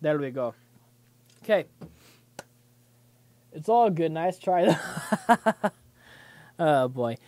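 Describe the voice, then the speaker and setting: A man's voice: fairly high pitch, lively intonation, extremely slow, long pauses, a little mellow. A young man hosting a casual livestream, chatting loosely about gaming news with many fillers and restarts. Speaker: livestream host.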